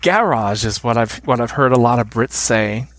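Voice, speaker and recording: A middle-aged American man appears as a podcast guest, chatting casually in an interview with a mid-range voice, level tone, and fairly quick pace. He is enthusiastic, chuckles often, and hums tunes while explaining things.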